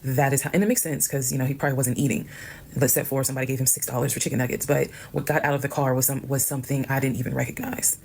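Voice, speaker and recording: Fast-talking woman with a gravelly voice. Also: extremely low pitch, fairly even intonation, darkish tone, a little hiss or hum. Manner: brisk, matter-of-fact recounting, acting out quoted people. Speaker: storyteller recounting her own experience. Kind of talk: casual storytime monologue.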